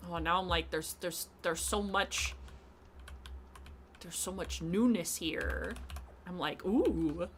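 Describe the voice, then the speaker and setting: A woman streaming a farming game, gushing excitedly, swearing freely and reading the game text aloud in casual commentary. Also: lowish voice, slow pace, long pauses, slight background noise.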